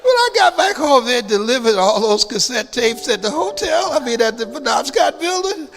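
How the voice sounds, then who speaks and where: A man's voice: very high voice, sing-song, normal speed, fairly bright tone. A man giving a motivational speech, telling a story, then leading the audience in call-and-response. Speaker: motivational speaker. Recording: long hall reverb with clear music underneath.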